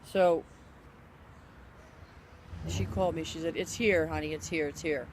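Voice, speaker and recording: A woman recounting a personal story in a relaxed, conversational way. She stays animated and acts out what others said as she goes. She often breaks off and restarts her sentences mid-thought. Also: sits low, a little slow, noisy background. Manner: animated, acts out other people's quoted lines; frequent restarts and self-corrections. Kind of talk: casual spoken anecdote.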